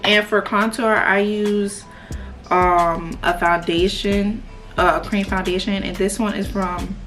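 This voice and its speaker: A woman's voice: medium pitch, steady tone, takes it slowly, music in the background. A woman, chatting casually and rambling with lots of fillers while she does her makeup. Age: 20s. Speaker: beauty vlogger.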